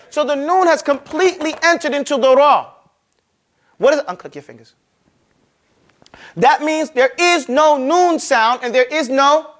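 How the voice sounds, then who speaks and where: A man with a strikingly high voice leads a Quran recitation class. He talks casually, keeps checking that students follow, and demonstrates each sound by drawing it out slowly and repeating it. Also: fairly bright tone. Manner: drills pronunciation, stretching sounds slowly and repeating them; casual, conversational teaching with frequent check-ins. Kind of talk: classroom lesson.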